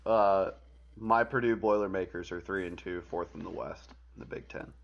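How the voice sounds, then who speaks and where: A man's voice: deep voice, steady tone, normal speed, creaky, dull audio. A man co-hosting a podcast, chatting casually about sports with dry, sarcastic quips. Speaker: podcast co-host.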